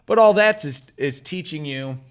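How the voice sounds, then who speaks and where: A young adult man co-hosting a casual chat show, talking in a profane, rambling and animated way. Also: a little high, normal speed, clean tone. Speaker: podcast co-host.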